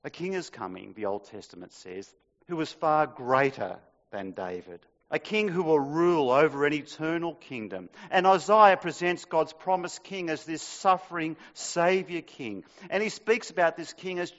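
A man's voice: a little high, lively intonation, normal speed, a bit bright. A man preaching a sermon in a church, reading scripture and raising his voice dramatically on the quoted cries. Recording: dull sound in a long-reverb hall.

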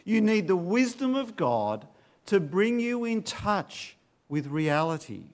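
A man preaching a sermon, swinging between loud urging and low, hushed warnings. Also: very animated, takes it slowly. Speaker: pastor.

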